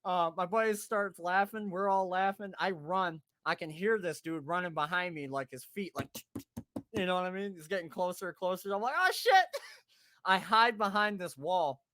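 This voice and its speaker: A man's voice: high voice, normal speed, pushed and bright, no echo. A man hosting a podcast, telling a rowdy story in a casual way, swearing freely, laughing and acting out his friends' voices. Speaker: podcast host.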